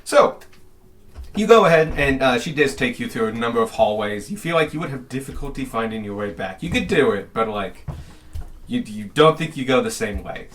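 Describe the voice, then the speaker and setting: A man running a tabletop game, describing rooms and hallways at an easygoing, rambling pace. His voice sits at an ordinary pitch, with a faint hiss under the recording. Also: lively intonation, moderate pace, a bit bright. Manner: rambling, many fillers like "um" and "like". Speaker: game master.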